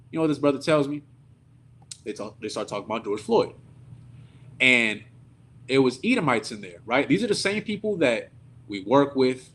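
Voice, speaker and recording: A man preaching at a service, telling a story in an animated, indignant, conversational way. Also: fairly high pitch, brisk, slightly rough. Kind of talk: sermon storytelling.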